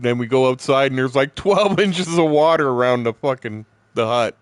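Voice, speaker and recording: A man's voice: medium pitch, moderate pace, few pauses, no room sound. A man in his sixties casually telling profane, rambling fishing stories while streaming a game, laughing often. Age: 60s.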